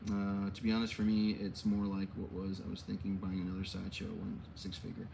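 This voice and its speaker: A man's voice: sits low, completely flat delivery, a little fast, vocal fry, background noise. A man hosting a casual Q&A for his collectibles shop, rambling and correcting himself as he goes, with easygoing slang. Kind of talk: casual livestream Q&A.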